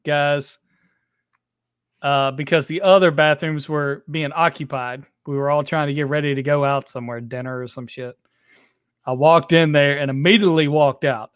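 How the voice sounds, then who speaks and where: A man's voice: on the high side, smooth, dry recording, studio quality. A man co-hosting a podcast at home, chiming in with crude, laid-back banter. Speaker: podcast co-host. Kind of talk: casual chat.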